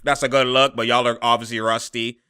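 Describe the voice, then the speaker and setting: A young man reacting live to a basketball game, exasperated and slangy, laughing and shouting at the plays. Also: mid-range voice, little pitch movement, brisk, clean tone. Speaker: sports commentator reacting to a game.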